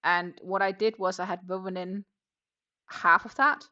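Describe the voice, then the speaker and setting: A woman's voice: on the low side, steady tone, measured pace, sharp tone, dull audio. A woman hosting a live crochet stream, chatting in a rambling, casual way and answering viewer comments as she works. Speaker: crochet livestream host. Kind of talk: casual chat while crocheting.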